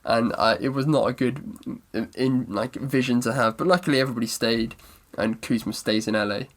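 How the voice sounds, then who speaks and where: A man's voice: medium pitch, brisk. Man, podcast co-host, rambling casual chat, mock-serious, corrects himself a lot.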